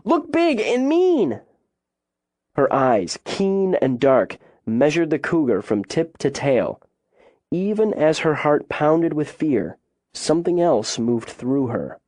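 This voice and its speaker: Slow, measured male audiobook narrator. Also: mid-range voice, very animated, a little mellow, no echo, studio quality.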